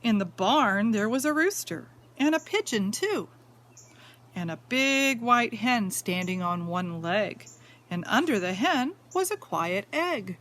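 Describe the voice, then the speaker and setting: A woman teacher with a fairly high voice reads a picture book to little children. She takes her time and lets her pitch swing up and down in a sing-song way, pausing often to ask questions. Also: sing-song, a bit bright, a little hiss or hum. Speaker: teacher reading aloud to young students.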